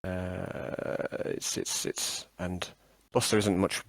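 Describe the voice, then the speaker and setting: Low gravelly guy running a tabletop game online, rambly and hesitant, dry close mic. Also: little pitch movement, takes it slowly, dry recording. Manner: rambling, hesitant, many fillers and restarts. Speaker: game master.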